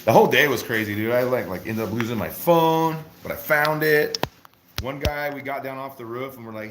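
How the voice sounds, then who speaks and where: A man's voice: mid-range voice, fairly quick, background noise. A man telling rambling stories in casual chat as host while working on a bathroom job, saying dude often. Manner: rambling storytelling, says dude a lot. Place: bathroom under renovation. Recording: echoey room from far off.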